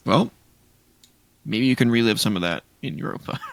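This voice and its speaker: A man's voice: medium pitch, expressive, moderate pace, creaky. A man co-hosting a gaming podcast in casual chat, rambling through a list of game releases with restarts. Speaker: podcast co-host.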